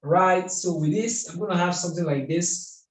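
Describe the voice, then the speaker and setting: A man's voice: sits high, normal speed. A man teaching a math lesson at a board, methodical and asking rhetorical questions as he works. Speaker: math tutor. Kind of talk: whiteboard lesson. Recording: echoey room.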